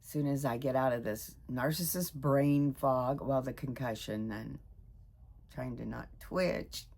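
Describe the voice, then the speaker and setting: A woman in her sixties giving a rambling, emotional personal vlog update; her voice jumps high when she gets excited. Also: measured pace, vocal fry. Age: 60s. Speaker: vlogger.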